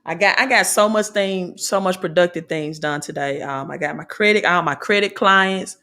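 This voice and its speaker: A woman's voice: fairly low pitch, moderate pace, pushed and bright. A woman with a Southern American accent, hosting a motivational business talk and preaching in repeated slogans and alliterations. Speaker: host.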